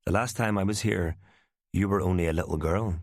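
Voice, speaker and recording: A man reading the part of a charming, calculating gunman on the run, with a smooth, persuasive manner. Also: deep voice, a little fast, no room sound, studio quality.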